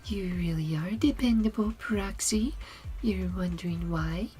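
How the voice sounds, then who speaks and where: A man voicing a gentle young girl android, dreamy and trusting, in a slow, soft, breathy half-whisper. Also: high-pitched, pitched above the performer's own voice, low-quality recording. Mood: dreamy, wistful.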